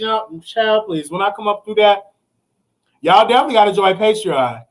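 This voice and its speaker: Brief: high-pitched male host from Chicago, rowdy live-stream storyteller, shouts and rambles. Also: moderate pace. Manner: animated, loud, often shouting and laughing; rambling with frequent restarts and asides. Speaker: host of a live call-in show.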